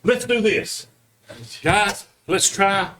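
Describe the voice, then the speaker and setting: Brief: slightly high-voiced male interviewer, placating, faint noise behind. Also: extremely slow. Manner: pleading, trying to calm things down. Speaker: interviewer and commentator. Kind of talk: wrestling interview.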